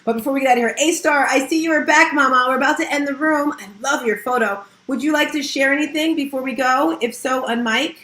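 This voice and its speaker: A woman's voice: high-pitched, quick pace, hardly any pauses, bright, forceful tone. Chatty woman hosting with echo. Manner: upbeat, chatty, laughs often. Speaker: host. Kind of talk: casual online audio room hosting.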